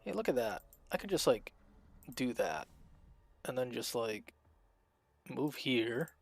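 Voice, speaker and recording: A man streaming a strategy game, chatting casually and thinking out loud as he plays, with frequent fillers and restarts. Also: medium pitch, very animated, slow pace, creaky. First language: Russian. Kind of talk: casual gameplay commentary.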